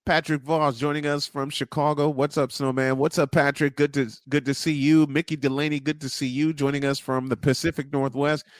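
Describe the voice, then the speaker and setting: A man's voice: on the high side, flat delivery, a little fast, hardly any pauses, no room sound, clean studio sound. A man hosting a casual podcast interview, telling stories with animation, laughing easily and tripping over his words. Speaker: podcast host.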